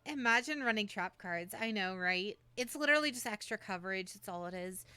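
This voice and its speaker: A woman's voice: medium pitch, lively intonation, brisk, bright, forceful tone, smooth, no echo. A woman streamer in casual livestream chat, coaching a friend through building a deck, with many fillers and restarts.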